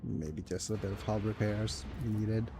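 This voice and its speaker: A man playing through a strategy game, talking softly and hesitantly as he reads menus and plans quests. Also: unhurried, noisy background. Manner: soft low-key delivery, calling it his ASMR voice. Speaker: gaming video host. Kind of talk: let's play commentary.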